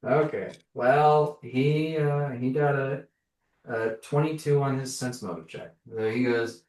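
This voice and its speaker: Relaxed man running a tabletop game. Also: medium pitch, slow. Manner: relaxed, with frequent fillers. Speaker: game master. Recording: roomy sound from a distant mic.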